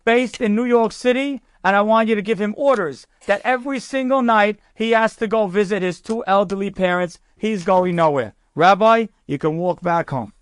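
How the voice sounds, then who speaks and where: A man voicing a gruff older male army general who barks commands and shouts. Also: high-pitched, normal speed, few pauses, no echo, natural voice. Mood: commanding.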